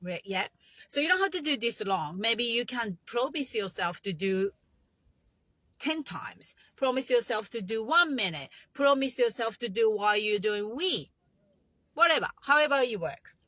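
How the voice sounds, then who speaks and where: A woman's voice: fairly high pitch, expressive, normal speed, fairly bright tone, no echo. A woman meditation coach speaking in a chatty, instructional way, with phrasing, guiding the listener through breaths. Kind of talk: casual instructional talk.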